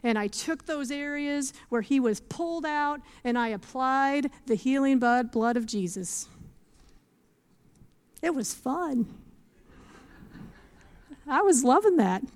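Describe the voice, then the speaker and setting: A woman's voice: high voice, lively intonation, takes it slowly, long pauses. A woman giving an earnest faith testimony, telling her story with laughs and scripture quotes. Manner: laughs often. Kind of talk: testimony talk.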